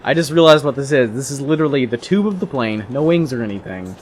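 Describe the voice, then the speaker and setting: A young man in his twenties giving casual, rambling commentary while playing a video game, making jokes and breaking into excited outbursts. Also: medium pitch, fast. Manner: rambling, jokey, excitable asides. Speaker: let's play host.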